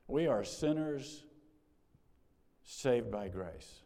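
A man's voice: lowish voice, measured pace, dark tone. A middle-aged male pastor preaching a sermon in a conversational way that rises to emphatic peaks, in a church sanctuary. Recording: long hall reverb.

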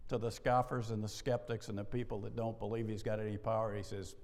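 A middle-aged man preaching a sermon, animated, acting out bits of dialogue and laughing now and then. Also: on the low side, fast talker, vocal fry. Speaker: pastor. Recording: long hall reverb.

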